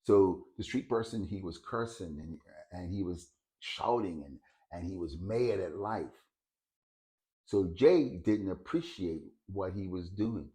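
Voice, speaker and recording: Male storyteller, casual and hesitant, lowish voice, repeats words often. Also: expressive, a little slow, warm tone. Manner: hesitant, repeats words while finding them.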